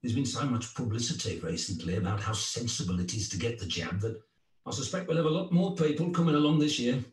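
Guy doing a british clinic worker, even mid voice, echoey room sound. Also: mid-range voice, fast, close to an everyday voice. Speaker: practice staff in an exam listening recording. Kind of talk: scripted dialogue. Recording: roomy replayed audio.

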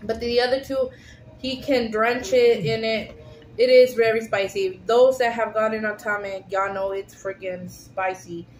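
A woman's voice: fairly high pitch, fairly even intonation, measured pace. A woman hosting a casual food-tasting vlog, chatty and giggly, talking straight to her viewers. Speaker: vlog host. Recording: echoey room with faint hiss.

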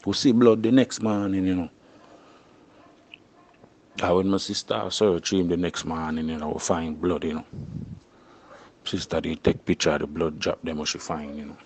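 A man's voice: sits low, a little hiss or hum. A young Jamaican man speaking in patois in a casual interview, tagging his phrases with "you see me" and "you know".

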